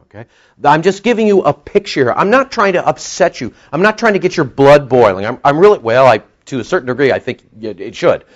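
A man's voice: a little high, expressive, brisk. Impassioned male preacher, lo-fi recording. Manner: impassioned, rising to emphatic outbursts. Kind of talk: sermon. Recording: dull lo-fi sound.

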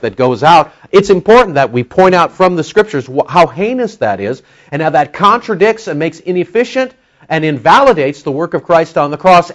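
Male pastor, slightly high voice; conversational Bible teaching that turns emphatic. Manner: emphatic, rising to near-shouting when stirred; conversational, with asides to the audience.

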